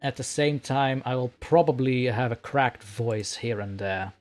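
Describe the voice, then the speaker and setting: Guy rambling on his livestream, laughs a lot, middle pitch voice, bit of quiet music behind. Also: measured pace. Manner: rambling and chatty, laughing often. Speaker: livestream host and story narrator. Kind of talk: casual livestream chat.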